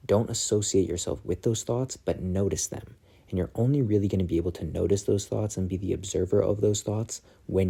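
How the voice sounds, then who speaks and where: Low gravelly guy, husky voice, slow calm self-help talk, keeps repeating himself. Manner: slow, repetitive guiding instructions. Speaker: podcast host.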